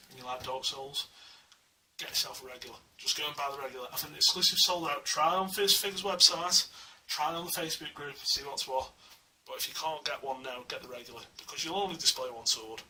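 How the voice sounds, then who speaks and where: Here a man reviews a collectible statue at home, his mid-range voice sharp in tone and fairly quick. He rambles in a casual, excited way and leans on fillers throughout, recorded by a small camera mic at a distance with faint hiss.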